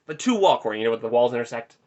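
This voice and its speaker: A man's voice: medium pitch, expressive, very fast, a little mellow, lo-fi sound. A young man telling a rambling, self-deprecating story in a casual vlog, recorded in his bedroom. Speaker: vlogger.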